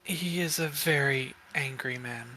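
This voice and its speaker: A man quietly and politely speaking as his character in a tabletop game, measured and careful. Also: medium pitch. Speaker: player.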